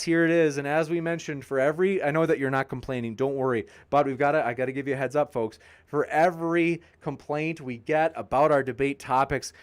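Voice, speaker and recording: Jokey debate host with a higher voice. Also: male voice, smooth. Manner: jokey, playful banter. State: tiring, sipping water. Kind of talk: live-stream chat shoutouts.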